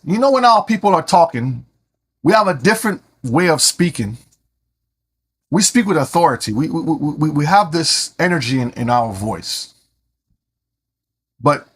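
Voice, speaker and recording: Male scripture teacher, husky tone, lively and conversational. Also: on the high side, normal speed, pauses often. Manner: animated, repeats words when starting sentences. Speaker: Bible teacher.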